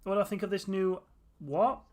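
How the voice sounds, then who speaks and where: A man's voice: sits high, brisk, darkish tone. A tired man chatting casually to viewers on a live stream, with a runny nose. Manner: tired, chatty, often laughing.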